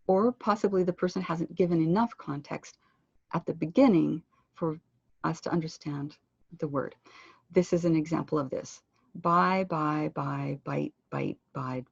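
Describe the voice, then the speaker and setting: A woman giving an online pronunciation lesson, speaking clearly and deliberately and slowing down to model words. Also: fairly low pitch, a little mellow, no echo, muffled recording. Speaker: pronunciation instructor. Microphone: computer microphone on a web conference.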